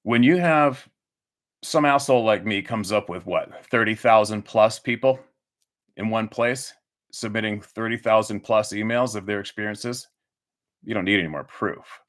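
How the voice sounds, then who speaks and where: Speaking at normal speed in a lowish, slightly bright voice, this channel host launches into a furious, foul-mouthed monologue. He keeps repeating himself, restarting sentences and firing off rhetorical questions.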